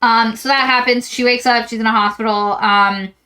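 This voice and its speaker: A woman co-hosting a book podcast, recapping a novel in a rambling, animated way and acting out quotes from it. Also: fairly high pitch, moderate pace, smooth, poor audio. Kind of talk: casual book discussion.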